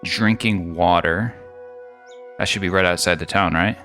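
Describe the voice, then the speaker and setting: A man hosting a game video, chatting casually and thinking out loud in a rambling, jokey way. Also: sits low, fairly even intonation, fast, soft background music. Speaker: gaming video host.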